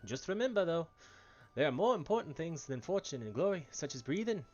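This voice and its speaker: A man's voice: fairly high pitch, very animated, a little fast, a little mellow, muffled recording, faint music behind. A man voicing a chatty, folksy male merchant aboard a ship, reading game dialogue with a wobbly attempt at an Irish accent. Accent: attempted Irish, drifting. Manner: folksy, slangy, wavering accent.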